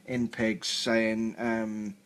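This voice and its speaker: A man's voice: on the low side, little pitch movement, drawn-out words, fairly bright tone. A man from England with a southern English accent, chatting casually on a hobby live stream while painting miniatures at home, rambling and full of fillers.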